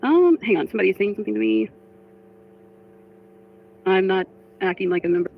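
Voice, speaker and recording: A woman's voice: medium pitch, very animated, brisk. A woman livestreamer talking casually to her chat, frustrated, reading comments aloud. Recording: dull lo-fi stream audio.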